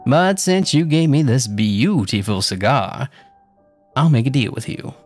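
A man's voice: medium pitch, expressive, moderate pace, soft background music, lightly acted. A man voicing a nasal, cigar-chewing male spirit of the dead, sly and chuckling, in a horror story narration. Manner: gruff, then chuckling and sly.

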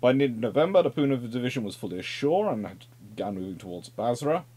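A man talking through naval history in a relaxed lecture. His pitch rises and falls freely and keeps the delivery animated. He speaks at a middling pitch, with chatty asides and repeated phrases for emphasis. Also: fast, slightly rough. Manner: lively, conversational, with asides and repetitions.

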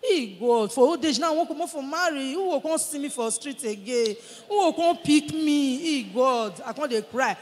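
A woman's voice: high-pitched, normal speed. Woman telling her testimony in Nigerian Pidgin. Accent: Nigerian Pidgin English. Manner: animated storytelling, acting out what others said. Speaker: church member giving a testimony. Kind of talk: testimony in church. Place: large church hall. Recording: long church-hall reverb.

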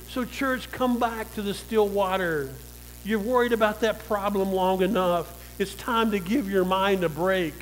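A man's voice: high-pitched, slight background noise, rough recording. A male pastor preaching a sermon, calling out to the church and asking them for an amen. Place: church sanctuary.

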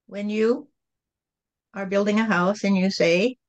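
A woman channeling God as a calm, patient spirit, speaking in a gentle, repetitive teaching tone. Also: mid-range voice, unhurried, highs cut off, lightly acted.

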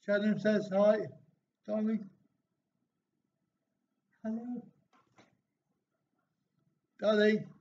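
A man's voice: sits high, level tone, drawn-out words, long pauses, a little mellow. A man hosting a casual live stream, reading viewers' jokes from the chat aloud and answering them with dry, self-mocking remarks. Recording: dull, slightly lo-fi stream audio with faint noise.

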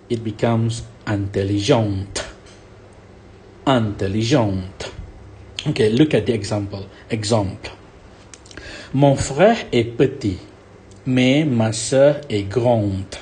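A patient male teacher walks through French words at an unhurried pace, his voice dark and mellow. His pitch moves a lot as he stresses each word, and a faint hiss of room noise sits under the recording. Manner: slow, repeats each word, checks with "okay?". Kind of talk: recorded language lesson.

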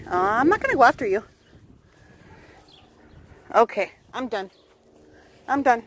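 A woman's voice: fairly high pitch, big pitch swings, measured pace, husky. A woman filming her puppy outdoors, coaxing and praising him in a sing-song voice. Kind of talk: casual talk to a dog.

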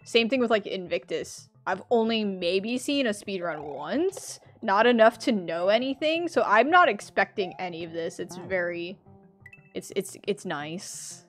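A woman streaming a platform game, chatting with her viewers, laughing a lot and yelling loudly when she fails. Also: mid-range voice, lively intonation, measured pace, faint music behind. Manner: chatty, laughs often, bursts into loud yells at failures. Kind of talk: casual live-stream commentary.

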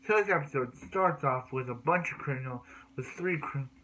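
A man's voice: medium pitch, moderate pace, fairly bright tone, a little hiss or hum, poor audio. A man recapping cartoon episodes in a rambling way, with many restarts and repeated words. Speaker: cartoon reviewer.

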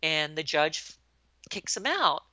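A woman's voice: deep voice, a little slow, dry recording. A woman in her sixties, a retired army colonel from the United States, telling anecdotes in an interview and acting out the quoted lines. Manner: lively storyteller who acts out quoted lines. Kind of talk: anecdotal storytelling in a podcast interview. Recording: dull lo-fi, dry sound.

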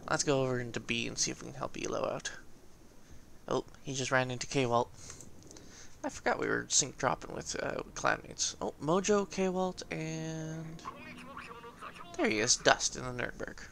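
A man giving casual, excitable gameplay commentary, laughing often and swearing cheekily. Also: mid-range voice, normal speed, creaky, a little hiss or hum.

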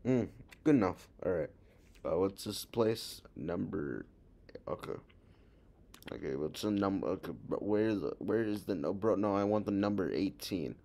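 A young man with a somewhat low voice chats casually while reacting to a video, drifting off topic and tossing in bro. He rambles and jokes between lines. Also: lively intonation, moderate pace, vocal fry, dark tone. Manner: rambling, joking, calls people bro. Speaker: reaction streamer. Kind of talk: casual chat.

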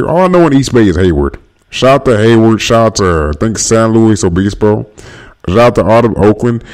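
A young man from Northern California, hosting a casual phone livestream with a voice his viewers single out. He jokes loosely and reads out comments and shout-outs. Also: medium pitch. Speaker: livestream host. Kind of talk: casual livestream chat reading comments aloud.

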